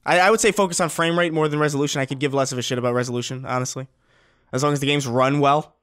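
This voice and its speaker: A man's voice: mid-range voice, fairly even intonation, rapid-fire, a bit bright, clean tone. A man in his thirties co-hosting a podcast, casual and swearing freely, often restarting his sentences. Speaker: podcast co-host.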